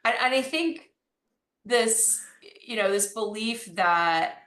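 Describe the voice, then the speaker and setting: A woman running coach talking in a casual interview, animated, laughing often and using lots of fillers. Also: a little high, slow. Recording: echoey room.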